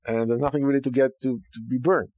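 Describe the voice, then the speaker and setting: This podcast host teaching Judaism talks fast in a dry, mid-range voice without echo. Casual and animated, he keeps peppering his points with "okay" and "right."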